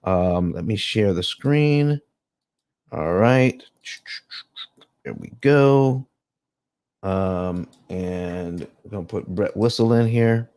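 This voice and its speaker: A man with a mellow, fairly low voice hosts a live online room about paying off home loans. He talks loosely, restarts his sentences often and greets his listeners one by one. The sound is dry and close, with no room around it. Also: slow pace, long pauses, clean tone, no room sound. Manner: loose and rambling, many restarts and fillers, calls out listeners by name. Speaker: host of a live audio room on paying off mortgages. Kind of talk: casual live room hosting, explaining finance.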